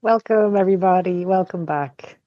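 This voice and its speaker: A woman speaking as a podcast guest in casual chat, candid and searching for words, pausing and restarting. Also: on the low side, dry recording, highs cut off.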